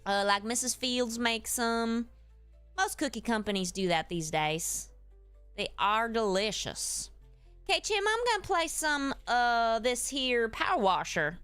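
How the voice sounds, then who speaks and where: A woman's voice: on the high side, big pitch swings, measured pace, a bit bright, smooth, dry recording, soft background music. A woman voicing a folksy, easygoing streamer character with a Southern accent, chatting with viewers while she plays. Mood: chatty. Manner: folksy, addresses chat as y'all. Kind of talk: live stream chat while playing.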